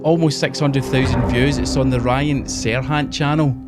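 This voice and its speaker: A man's voice: mid-range voice, steady tone, normal speed, over loud music. A man co-hosting a podcast over a video call, teasing and swearing in casual chat. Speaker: podcast co-host.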